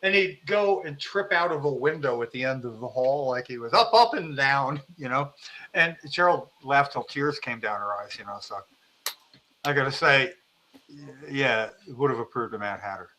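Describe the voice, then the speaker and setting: A man co-hosting a casual talk show, rambling and animated, laughing often as he talks. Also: medium pitch, moderate pace, slight background noise, rough recording. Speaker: co-host. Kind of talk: casual podcast chat.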